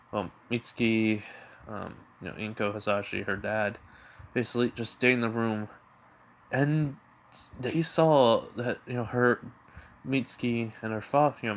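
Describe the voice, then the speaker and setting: Rambling man telling a fan story. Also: mid-range voice. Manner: rambling, full of "you know" and restarts. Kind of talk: improvised fan-fiction narration.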